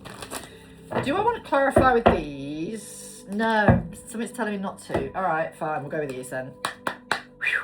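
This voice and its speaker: A woman's voice: medium pitch, very animated, measured pace, music in the background. A British woman in her forties doing a casual tarot reading, chatty and given to swearing and tangents. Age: 40s. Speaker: tarot card reader.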